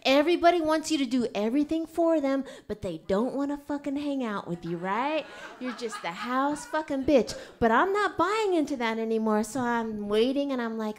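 Brash high-voiced woman comic. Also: animated, moderate pace. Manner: brash, profane storytelling. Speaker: stand-up comedian. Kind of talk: stand-up comedy set. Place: comedy club stage.

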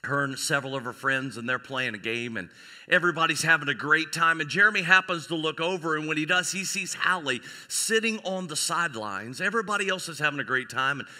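A man pastor preaching a sermon, telling an animated story and acting out the people in it. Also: a little high, brisk. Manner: animated storytelling, voicing characters in a skit. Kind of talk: sermon with acted illustration. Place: church sanctuary. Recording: church sanctuary with long reverb.

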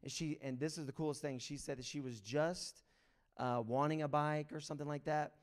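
A man, a pastor and a father, preaching a casual sermon, telling stories and acting out other people's excited lines. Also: a little high, a little fast. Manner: casual storytelling with excited acted-out quotes. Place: church sanctuary.

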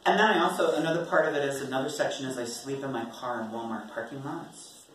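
A man's voice: mid-range voice, fairly even intonation, fast talker, a crowd in the background. A man, a poet, casually telling an audience about his writing in a rambling, wry way, laughing often. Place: performance venue. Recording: echoey room from far off.

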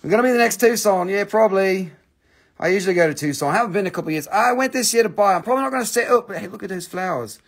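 A man hosting a live sales stream from his home, with rushed, joking sales patter. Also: high voice, lively intonation, slightly rough. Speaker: live-stream seller of rocks and jewelry.

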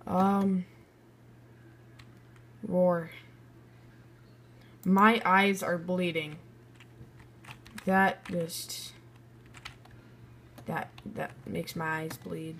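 A woman's voice: fairly low pitch, vocal fry, a bit bright, a little hiss or hum. A young woman casually commenting on a building game and bluntly rating other players' builds. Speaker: gaming video creator.

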